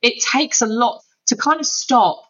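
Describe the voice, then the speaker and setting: A woman's voice: fairly high pitch, measured pace, fairly bright tone, dull audio. A woman, a podcast guest talking earnestly and candidly about her own parenting. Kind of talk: candid conversational storytelling.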